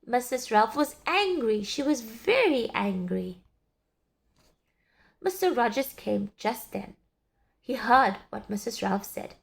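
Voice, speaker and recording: A woman reading a children's story aloud in an expressive, sing-song way. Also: a little high, unhurried, creaky. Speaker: storybook reader.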